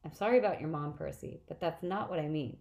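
A clever teenage girl explains things earnestly and patiently, sure of what she knows, voiced by a woman reading aloud. Her voice sits low and calm. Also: fast talker, natural voice.

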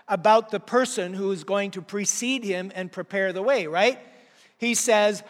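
A man with a high, light voice delivers a sermon, teaching with animated rhetorical questions and emphatic points. His voice rings out with a long hall echo behind it. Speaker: preacher.

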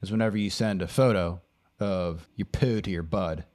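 A man's voice: sits low, moderate pace, darkish tone. A man co-hosting a podcast in casual chat, teasing and quizzing his co-host.

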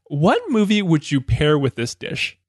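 A man hosting a podcast, cheerful and encouraging as he puts questions to his guest. His voice sits a little high and swings lively up and down. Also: unhurried. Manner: upbeat and encouraging. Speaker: podcast host.

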